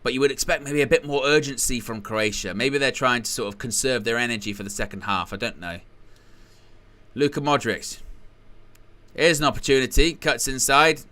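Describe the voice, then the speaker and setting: A man's voice: mid-range voice, moderate pace, pushed and bright. A man hosting a live football watchalong, commenting on the play in a casual, rambling way with jokey asides.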